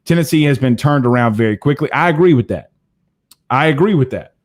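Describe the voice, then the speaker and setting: A man's voice: mid-range voice, brisk. A man hosting a live sports talk show, reading viewer comments and making his points with emphatic repetition. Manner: animated, emphatic, repeats phrases, addresses viewers directly.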